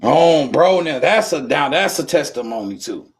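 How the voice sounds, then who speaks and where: A man giving a rambling, profane live-stream lesson in streetwise slang, often acting out drunk people in a high yelling voice. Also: animated, normal speed. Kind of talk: casual live-stream teaching.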